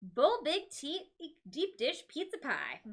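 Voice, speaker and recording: A woman's voice: sits high, huge pitch swings, takes it slowly, voice pushed up, exaggerated voice. A woman reading as a sassy, blunt schoolgirl.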